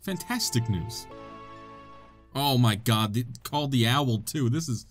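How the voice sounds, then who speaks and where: A young man hosting a casual video game let's play, excitable and joking as he plays. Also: medium pitch, normal speed, soft background music. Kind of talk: casual gameplay commentary.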